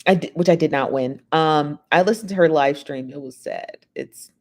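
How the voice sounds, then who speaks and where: A woman's voice: deep voice, moderate pace, darkish tone. A woman hosting a live show, chatting casually and reading out viewer comments in a rambling, gossipy way, full of fillers.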